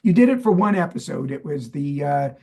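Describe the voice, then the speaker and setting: Man, New York accent, casual co-host, raspy, rather high pitch. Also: animated, fairly quick, darkish tone. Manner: quizzing, playful and chatty. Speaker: podcast co-host. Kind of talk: casual chat.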